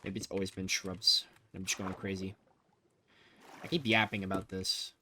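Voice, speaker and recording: A young man chatting casually while playing a building game, rambling in a low-key monotone with sudden excited bursts. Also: moderate pace, slight background noise. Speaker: gaming vlogger.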